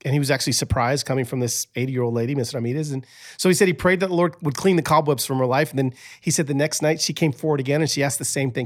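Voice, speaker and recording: A man who is a podcast guest, telling stories in a chatty, animated way with many restarts. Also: mid-range voice, fast, hardly any pauses. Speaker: podcast guest, author and speaker. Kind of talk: casual storytelling interview.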